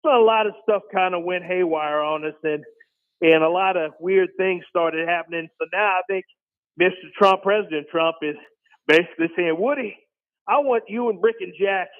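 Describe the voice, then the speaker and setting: A man on a phone call doing a rambling, folksy impression of an older male football team owner, with a deadpan delivery. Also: high-pitched, normal speed, close to an everyday voice. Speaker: caller. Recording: tinny phone line.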